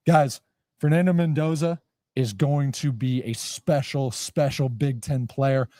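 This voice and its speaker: A man's voice: mid-range voice, measured pace, dark tone, dry recording. Young guy breaking down football, upbeat and emphatic, dry mic sound. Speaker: sports show host. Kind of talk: sports analysis chat.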